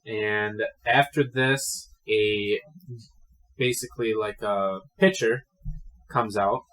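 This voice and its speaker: Casual bright-voiced young male game master. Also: on the low side, steady tone, takes it slowly, low-quality recording. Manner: casual, profane, with fillers. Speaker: dungeon master. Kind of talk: narrating a tabletop game.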